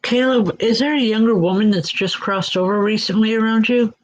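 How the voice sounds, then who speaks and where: A woman working as a psychic medium, giving spirit readings in a gentle, reassuring way and speaking straight to listeners by name. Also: fairly high pitch, fairly quick. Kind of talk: live spirit readings and announcements. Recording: dull lo-fi recording.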